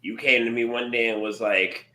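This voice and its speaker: A man co-hosting a podcast, talking in an earnest, measured and thoughtful way in casual chat. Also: mid-range voice, steady tone, pushed and bright. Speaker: podcast co-host. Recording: roomy echo.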